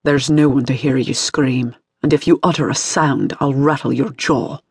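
A man's voice: mid-range voice, fairly even intonation, normal speed, gravelly, slightly rough, no room sound, clean studio sound. A man voicing a cold, ruthless male soldier leader in an audiobook. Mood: menacing. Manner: menacing, mocking. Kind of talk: audiobook character voice.

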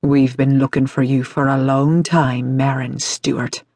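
A man's voice: medium pitch, little pitch movement, measured pace, darkish tone, no echo, studio quality. A man voicing a cold, ruthless male soldier leader in an audiobook. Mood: menacing. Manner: menacing, mocking. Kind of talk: audiobook character voice.

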